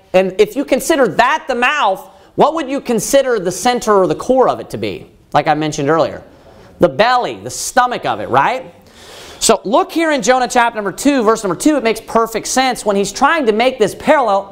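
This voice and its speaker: A high-voiced man delivers an emphatic sermon, quoting scripture in old-fashioned language. He asks the congregation rhetorical questions and then supplies the answers himself.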